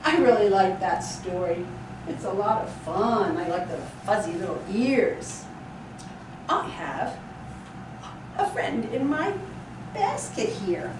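A woman who works as a children's librarian, reading a picture book to toddlers in a sing-song, playfully animated way with little gasps. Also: mid-range voice, slow, pauses often, noisy background. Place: library room. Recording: echoey room, mic far off.

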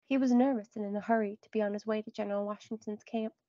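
A woman reading a children's book aloud in a clear, expressive storytelling voice. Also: medium pitch, quick pace, no echo, muffled recording. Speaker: read-aloud narrator.

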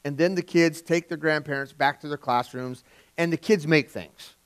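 Middle-aged male pastor, slightly raised pitch, conversational sermon with big swings in loudness. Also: normal speed. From California. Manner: conversational preaching, swings from loud emphasis to quiet.

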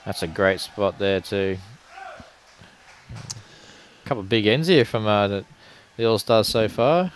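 Aussie bloke commentating bowls, easygoing, lowish voice, chatty. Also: male voice, takes it slowly, pauses often, clear, resonant tone. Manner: laid-back, jokey banter. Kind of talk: livestream commentary.

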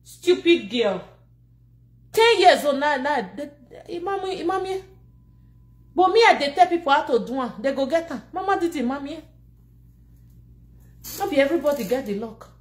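A high-voiced woman with a Nigerian Pidgin English accent rants to camera in an animated, mocking, scolding way. She switches between languages and laughs between jabs, and the room around her sounds echoey. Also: brisk, pauses often. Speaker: social media personality. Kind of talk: animated casual rant to camera.

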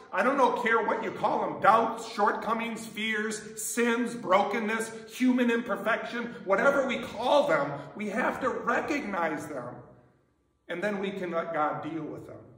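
Male pastor, high and bright voice, conversational sermon full of questions, distant mic in a reverberant church. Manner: conversational preaching with many rhetorical questions. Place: church sanctuary.

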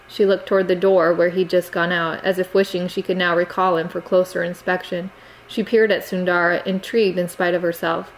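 A woman narrating an audiobook chapter in a steady, measured reading. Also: on the low side, poor audio.

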